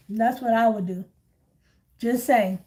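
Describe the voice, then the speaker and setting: A woman hosts a relaxed live stream as a tarot reader and chats freely with her viewers. She tells stories at length and laughs easily. Her voice sits a little higher than most women's. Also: heavy background noise. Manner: chatty storytelling, laughs often. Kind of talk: casual live-stream chat.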